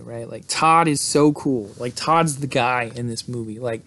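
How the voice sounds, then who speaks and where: A man casually retelling a film's plot in a loose, rambling way, full of fillers and quick laughs. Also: medium pitch, fairly bright tone. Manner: rambling, lots of "like" and "uh", laughs often. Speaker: podcast host recapping a film. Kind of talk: casual movie recap.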